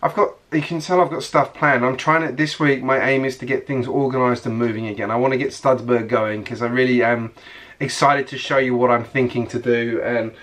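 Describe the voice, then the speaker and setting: A man's voice: medium pitch, steady tone, fairly quick, a bit bright. Rambling man, Lego vlogger. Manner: rambling, with many fillers and restarts. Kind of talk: casual rambling vlog chat.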